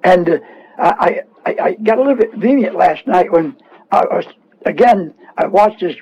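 High husky guy preaching on the radio, fired up and scolding, sounds muffled. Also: expressive, moderate pace, a little mellow. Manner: fervent, repetitive, scolding. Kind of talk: radio sermon.

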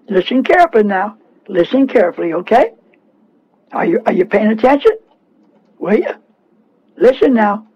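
A man with a high, husky voice preaching a radio sermon. He scolds and repeats himself with fervent insistence. The broadcast sound is dull and muffled. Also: a little mellow.

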